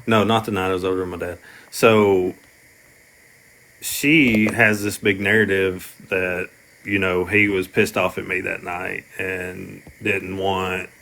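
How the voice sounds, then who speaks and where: Male streamer, lowish bright voice, rambling casual delivery full of fillers. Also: flat delivery, takes it slowly, creaky, a little hiss or hum. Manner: rambling, with frequent fillers and restarts. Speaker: livestream host. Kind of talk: casual livestream talk.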